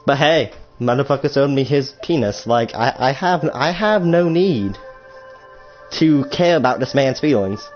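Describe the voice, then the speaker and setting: A man's voice: medium pitch, expressive, unhurried. A young man casually telling a story about his school days, rambling with lots of fillers, restarts and swearing. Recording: dull lo-fi recording with faint music.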